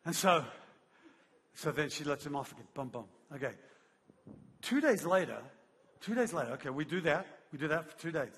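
Husky, animated preacher in a big hall. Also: male voice, fairly high pitch, normal speed, pauses often. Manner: animated storytelling, laughing. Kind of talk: sermon. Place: large church hall. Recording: long hall reverb.

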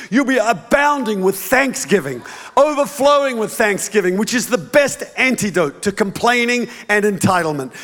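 High-voiced pastor preaching. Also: male voice, a bit bright. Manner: storytelling with playful mimicry and chuckles. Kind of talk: sermon. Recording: long reverb of a large hall.

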